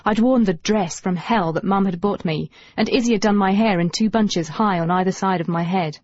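A woman narrating a first-person novel in a lively, wry, humorous manner. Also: medium pitch, normal speed, dry recording. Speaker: audiobook narrator. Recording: dull dry audiobook recording.

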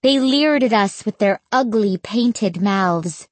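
A woman narrating a first-person storybook in a measured, suspenseful way. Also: medium pitch, animated, dry recording. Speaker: audiobook narrator.

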